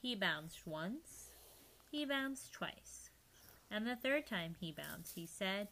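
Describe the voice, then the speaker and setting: A woman reading a children's storybook aloud, lively and playful, sometimes dropping to a hushed whisper. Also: mid-range voice, takes it slowly, vocal fry, a little hiss or hum, low-quality recording. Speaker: reader.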